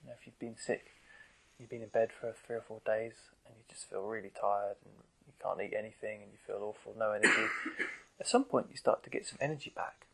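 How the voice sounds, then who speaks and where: A man giving a gentle, conversational dharma talk to meditators as their teacher, often asking rhetorical questions. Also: lowish voice, fairly even intonation, brisk, gravelly, a little hiss or hum, poor audio.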